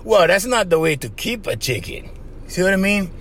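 A man hosting a podcast, giving casual advice in an animated monologue, laughing often and acting out little voices. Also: high voice, moderate pace, a little hiss or hum. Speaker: podcast host.

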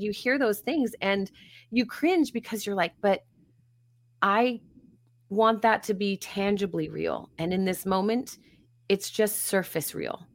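Over a dry recording, a female interview guest speaks at an unhurried medium pitch about supporting people through grief. Her tone is earnest and reflective, broken by the occasional laugh, in a conversational interview.

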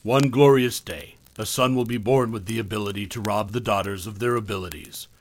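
A man's voice: fairly low pitch, fairly quick, close to an everyday voice. A man voicing an elderly, fanatical grandfather who speaks in detached, solemn proclamations in a horror story. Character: fanatical elderly grandfather, cold cult zealot.

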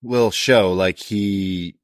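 Man co-hosting, halting casual chat. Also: low voice, fairly even intonation, dry recording, clean studio sound. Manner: hesitant, many restarts. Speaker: podcast co-host. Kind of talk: casual wrestling review chat.

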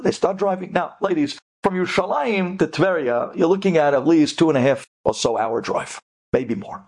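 A man telling a story to an audience in an animated, chatty way. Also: fairly high pitch, normal speed.

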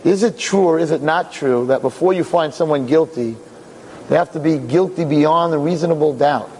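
A man voicing a slick, smug, high-priced defense lawyer who mocks witnesses with needling questions. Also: normal speed, a little mellow, a little hiss or hum, lightly acted, poor audio. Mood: pointed. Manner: needling, mocking cross-examination.

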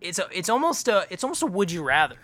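Bright, dry-miked man podcast host. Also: high-pitched, fast talker, dry recording. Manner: rambling, many fillers, deadpan jokes. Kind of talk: casual chat.

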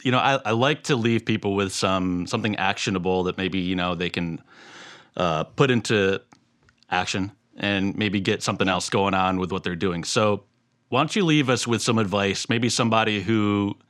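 A man hosting an audio-career podcast, asking long, relaxed questions. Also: fairly low pitch. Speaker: podcast host. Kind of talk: casual podcast interview.

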